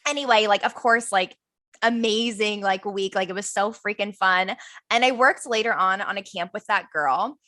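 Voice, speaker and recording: A woman's voice: mid-range voice, normal speed, pushed and bright. A young woman co-hosting a podcast, telling a story in casual chat and acting out what people said. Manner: bubbly storyteller, acts out quotes. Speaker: podcast co-host.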